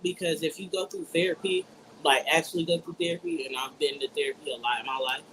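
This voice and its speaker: A woman's voice: low-pitched, steady tone, fast talker, a bit bright, slight background noise. A woman co-hosting a casual group discussion, talking bluntly and with frequent profanity. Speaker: podcast co-host.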